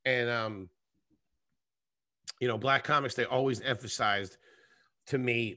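A man, a comedian guest, telling a rambling, profane story in a casual, animated way. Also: mid-range voice, takes it slowly, pauses often, no room sound. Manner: profane, animated, acts out scenes.

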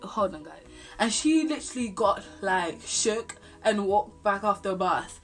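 A woman's voice: mid-range voice, normal speed, faint music behind. A young woman telling a storytime vlog, full of slang and swearing. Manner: animated, slangy, swears freely. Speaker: vlogger.

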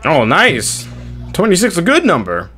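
Bright-voiced man trolling game chat. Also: sits high, measured pace, soft background music. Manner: mock-prim, deadpan scolding with bursts of loud mocking. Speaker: streamer. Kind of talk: trolling voice chat during an online shooter game.

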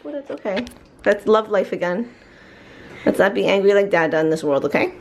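A woman's voice: medium pitch, animated, brisk, a little hiss or hum. A pregnant woman vlogging casually at home, pleading and teasing in playful banter. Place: home living room.

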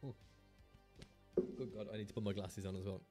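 A man's voice: on the low side, steady tone, fairly quick, mellow, soft background music. A man chatting casually on a live stream, rambling, chatty and self-mocking, swearing freely into a desk mic.

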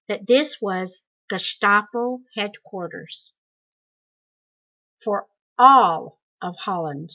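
A woman reading a memoir aloud in slow, deliberate storytelling. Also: medium pitch, expressive, sharp tone, muffled recording. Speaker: audiobook reader.

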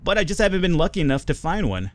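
A young man chatting casually through a survival game, swearing often and jumping up in pitch when excited. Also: rapid-fire. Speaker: gaming video host. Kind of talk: casual let's play commentary.

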